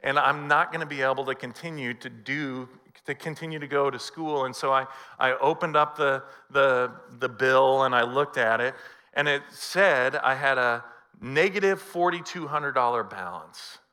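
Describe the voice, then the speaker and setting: A middle-aged pastor preaching a sermon, telling a personal story and acting out the dialogue. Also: male voice, mid-range voice, normal speed, bright, forceful tone, smooth.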